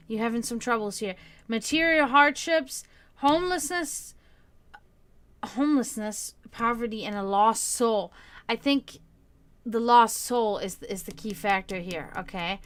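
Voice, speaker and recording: A woman doing tarot readings on a casual live stream, who now and then breaks off to softly comfort her cat. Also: on the high side, slow pace, smooth. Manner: soothing baby talk to her cat, then plain card reading. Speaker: tarot reader and stream host.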